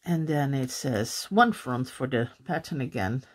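A woman's voice: very deep voice, animated, a little slow. A Dutch woman with a Dutch accent teaching crochet in a casual tutorial, chatting and counting stitches under her breath. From Netherlands.

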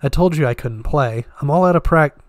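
A man's voice: on the high side, a little fast, no room sound, studio quality, lightly acted. A man voicing a flustered, embarrassed young houseguest in a read-aloud novel, fumbling and repeating himself apologetically. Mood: apologetic.

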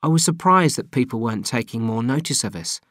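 A man narrating an audiobook in a plain, steady reading voice. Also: mid-range voice, brisk, no room sound, studio quality. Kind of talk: scripted narration.

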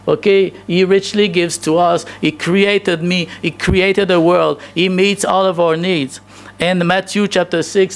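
A man's voice: high voice, creaky. A male pastor preaching a sermon, emphatic, with rhetorical questions and frequent restarts.

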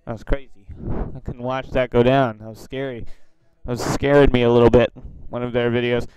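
A man's voice: mid-range voice, level tone, a little fast, a little mellow, smooth, dry recording, poor audio. A man who makes online videos, giving casual commentary on video chats and reacting to viewers with exclamations and asides. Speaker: YouTuber.

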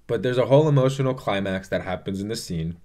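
A young man with a fairly low voice recaps a movie in a loose, heartfelt vlog. He swears freely and trails off into fillers as he rambles through the story. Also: fast, a little mellow. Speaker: vlogger. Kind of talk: casual movie review.

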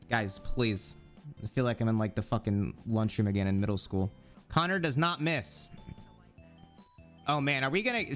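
A young man streaming live, chatting casually in profane, joking rants and now and then mimicking others in high squeaky voices. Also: a bit bright.

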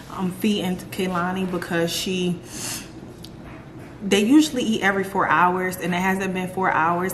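A woman's voice: lowish voice, fairly bright tone, slight background noise. A woman, chatting casually to her viewers in a home vlog. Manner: chatty, talks straight to viewers with y'all. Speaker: vlogger, mother of young kids.

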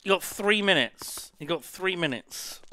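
A man hosting a live gaming stream, excitable and laughing, swearing freely as he chats. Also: high voice, unhurried, background noise. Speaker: streamer host.

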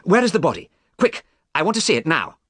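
A man voicing a young gentleman in a storybook reading, earnest and pleading, in a raised voice. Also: medium pitch, huge pitch swings, normal speed, no room sound, clean studio sound, voice pushed up. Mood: urgent. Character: young gentleman, anxious and eager to be good.

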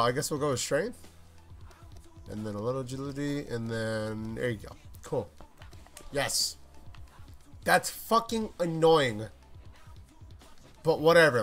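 A young man commentating his own gameplay in a bright, high voice that swings widely in pitch. He drops into mumbled asides, then erupts into profane shouting at the game. Faint game music plays underneath. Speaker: gaming YouTuber. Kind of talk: let's play commentary.

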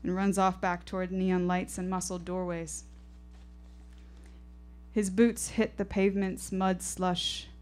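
Low-voiced woman performing intense poetic storytelling. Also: level tone, slow pace, pauses often, smooth. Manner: intense, poetic, rhythmic delivery. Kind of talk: live first-person storytelling performance. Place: live showcase stage.

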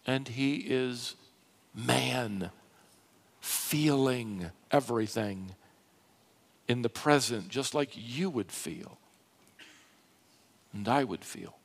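Slow, dramatic male preacher. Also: medium pitch, creaky. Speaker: pastor. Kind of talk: sermon. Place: church sanctuary.

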